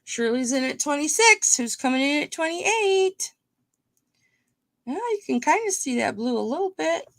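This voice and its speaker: A woman's voice: high-pitched, sing-song, normal speed, a bit bright. A woman hosting a live-streamed jewelry auction, chatting casually with viewers by name as she shows and sells pieces.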